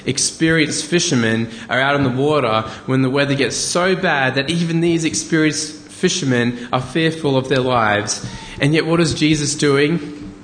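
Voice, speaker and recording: A man delivers a sermon in an easygoing, conversational way, breaking off for quick asides. His mid-pitched voice rings out in a reverberant hall. Faint ambient noise sits underneath. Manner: conversational, animated preaching with asides. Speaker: pastor.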